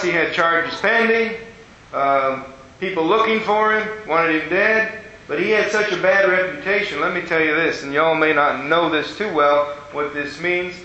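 A man's voice: fairly high pitch, pushed and bright, slight background noise. A man preaching a sermon, telling a story in a folksy way and acting out the voices of the people in it. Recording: dull, echoey hall with faint ambience.

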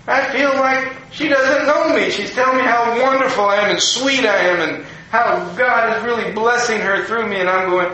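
An older man, a pastor, telling a personal story in a folksy, animated way. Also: high-pitched, normal speed, hardly any pauses, slight background noise. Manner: folksy, animated storyteller, acting out quoted people. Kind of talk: personal story told to an audience. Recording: very echoey room, faint ambience.

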